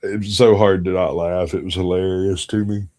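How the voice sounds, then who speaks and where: A man's voice: low voice, fairly even intonation, normal speed, mellow. A middle-aged man, co-hosting a podcast and telling crude stories in casual chat, laughing often. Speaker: podcast co-host.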